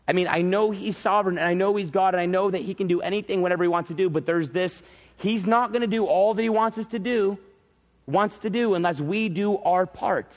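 A male pastor preaching a sermon in a church, emphatic, repeating key phrases and swinging between loud peaks and quiet drops. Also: sits high, brisk, in a large hall.

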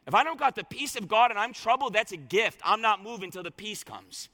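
A man's voice: high-pitched, lively intonation, a little fast, pushed and bright, big-room sound. A man preaching a sermon as a pastor, fervent and colloquial, repeating lines for emphasis.

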